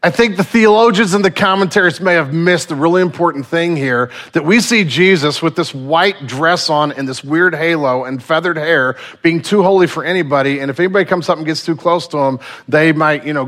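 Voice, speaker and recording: A man in his thirties preaching a sermon, lively and conversational, acting out the people in his stories. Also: a little high. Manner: animated storytelling, acting out quotes. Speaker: pastor.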